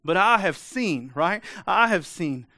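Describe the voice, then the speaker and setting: A man preaching with a fairly high voice, talking straight to his listeners with pointed questions and blunt asides. The sound is close and dry, with no room echo. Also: animated, measured pace, bright, forceful tone. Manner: emphatic, conversational preaching with rhetorical questions. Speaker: pastor. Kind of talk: sermon.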